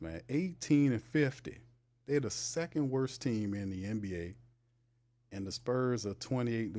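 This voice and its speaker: A man's voice: medium pitch, darkish tone. A man hosting a casual livestream sports show, talking loosely in slang and teasing viewers in the chat. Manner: loose slangy talk with frequent laughs.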